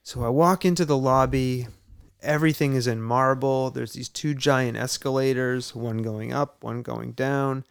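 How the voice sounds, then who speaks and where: A man's voice: mid-range voice, unhurried, vocal fry, smooth, dry recording. A middle-aged man co-hosting a podcast, telling a story casually and acting out the dialogue. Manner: animated, plays out dialogue. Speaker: podcast co-host.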